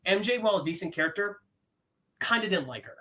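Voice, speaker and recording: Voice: medium pitch, animated, quick pace, bright, forceful tone. A co-host in a casual video chat, playful and opinionated.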